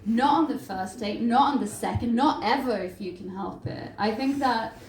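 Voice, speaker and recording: A woman from Latvia performing a stand-up set on a comedy bar stage, self-mocking and animated, with sudden loud bursts. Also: a little high, normal speed. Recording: roomy live venue, faint crowd.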